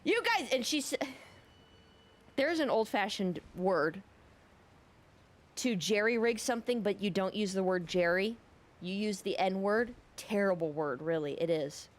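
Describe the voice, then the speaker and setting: A woman's voice: medium pitch, unhurried. A woman telling a long story while she plays a game, drifting off topic as she goes. Her delivery is casual and sarcastic, with plenty of swearing. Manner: profane, rambling, sarcastic. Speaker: gaming video creator. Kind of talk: casual storytelling over gameplay.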